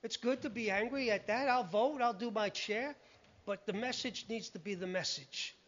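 Man preaching, high voice, emphatic and conversational, muffled lo-fi sound. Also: moderate pace, a bit bright. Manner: conversational, emphatic, quotes scripture. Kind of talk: sermon. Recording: muffled lo-fi recording.

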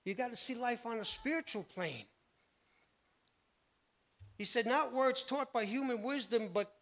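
A man preaching a sermon, animated, telling Bible stories and acting out the voices in them. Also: very high voice. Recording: dull lo-fi recording.

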